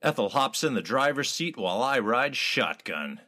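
A man's voice: mid-range voice, normal speed. Man narrating a wry detective story. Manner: wry, deadpan hard-boiled delivery.

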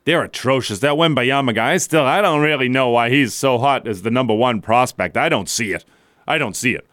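A man's voice: medium pitch, fairly quick, fairly bright tone, no room sound, studio quality. A man hosting a sports talk radio show, delivering a blunt, opinionated monologue and chuckling as he goes. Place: radio studio.

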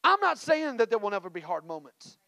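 A male pastor, preaching a sermon with a personal story and energetic call-and-response exhortations. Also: very high voice, a little fast, creaky, no echo, rough recording. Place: church.

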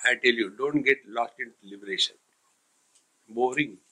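A man's voice: mid-range voice, sharp tone, low-quality recording. A man, a swami giving a humorous spiritual discourse that he fills with stories, jokes and Hindi sayings. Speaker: swami teaching a spiritual text.

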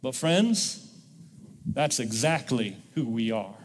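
A man's voice: mid-range voice, animated, slow pace, long reverb tail. A male pastor preaching a sermon in a church, leading the congregation in call-and-response. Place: church sanctuary.

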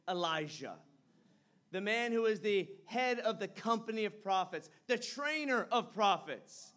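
A male pastor preaching a sermon in church, reading scripture and retelling it with lively, animated storytelling that swings between loud and hushed. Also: very high-pitched.

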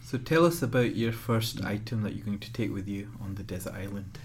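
A male interviewer asking gentle, prompting questions. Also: lowish voice, expressive, brisk.

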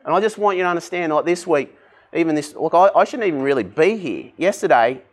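Man, pastor, conversational sermon, fairly high-pitched. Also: quick pace. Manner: conversational, energetic preaching with direct questions to the congregation.

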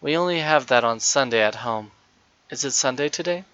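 An eager, wondering little girl, as a man reading aloud puts her on, her voice lifted higher and bright with feeling. The sound is dry and a bit dull, like a lo-fi home recording. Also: normal speed, smooth, no room sound, lightly acted.

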